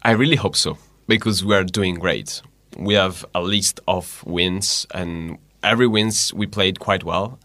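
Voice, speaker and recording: A man's voice: low-pitched, a little slow, sharp tone, no echo. A man from northern Italy, a native Italian speaker with an Italian accent, chatting earnestly in a casual interview. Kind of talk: casual conversation.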